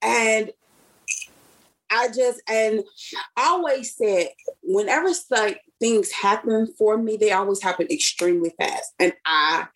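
Husky-voiced woman from Chicago, animated storyteller. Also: mid-range voice, a little slow. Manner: animated storyteller who acts out quoted speech. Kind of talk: casual chat.

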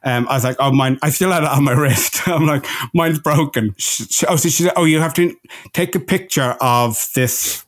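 A young man co-hosting a casual podcast chat, telling a story with lively quoted voices. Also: fairly high pitch, normal speed. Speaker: podcast co-host.

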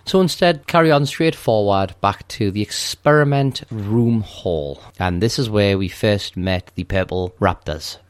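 A man's voice: lowish voice, expressive, a little slow, few pauses, dry recording, clean studio sound. A man co-hosting a casual podcast, recounting a video game level step by step in a methodical way. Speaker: podcast co-host. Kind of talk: casual game walkthrough chat.

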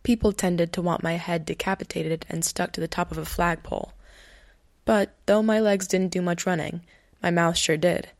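A woman's voice: fairly low pitch, fairly even intonation, normal speed, dry recording, clean studio sound, natural voice. A woman voicing an old male gambler ghost with a southern drawl, telling his story in a folksy, boastful way. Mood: reminiscing.

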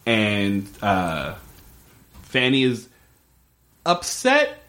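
A man co-hosting a casual podcast recaps a TV episode, speaking very slowly and loosely with plenty of likes and ums. His retelling is animated, and his pitch jumps up lively whenever he quotes the characters.

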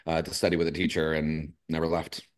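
Male guest, thirties, from Los Angeles, low voice, animated storyteller. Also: fairly quick. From Los Angeles, USA. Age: 30s. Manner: lively storyteller, swears freely. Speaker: podcast guest, yoga teacher. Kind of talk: casual chat.

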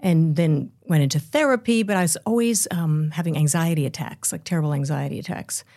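An older woman in her seventies speaks as an interview guest, with a slightly low voice. She tells her story candidly and in a roundabout way, often laughing. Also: a little fast, warm tone. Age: 70s. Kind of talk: casual interview.

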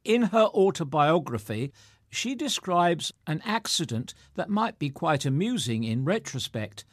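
A man presenting between readings, in a lively and wry storytelling way. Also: on the high side, measured pace, no echo, studio quality.

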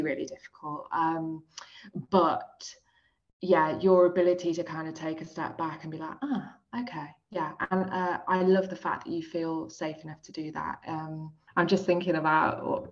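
A woman's voice: deep voice, flat delivery, normal speed, highs cut off. A woman speaking as a guest coach, reflective and thoughtful with many fillers. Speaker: self-worth coach, guest. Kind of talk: casual conversational interview.

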